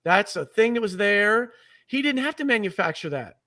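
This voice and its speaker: Male podcast host, high voice, eager and rambling, a touch off-mic. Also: very animated, normal speed, sharp tone, far from the mic. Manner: enthusiastic, rambling, repeats himself. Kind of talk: casual interview chat.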